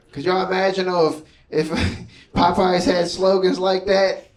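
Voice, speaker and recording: A man's voice: sits high, steady tone, fairly quick, recorded from a distance, rough recording. Laid-back profane stand-up comedian, man. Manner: loose storytelling, profane, laid-back asides.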